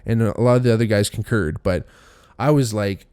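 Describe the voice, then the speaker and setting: A man's voice: lowish voice, normal speed, clear, resonant tone. A young man hosting a podcast, telling a story casually and animatedly, swearing often and acting out what people said. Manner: profane, animated storytelling with voiced quotes. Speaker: podcast host.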